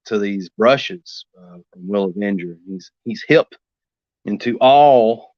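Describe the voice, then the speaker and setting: Speaking slowly in a fairly low register, this streaming artist chats casually and rambles along, talking to himself in a relaxed way during his drawing session. The recording is dry, with a dull lo-fi quality.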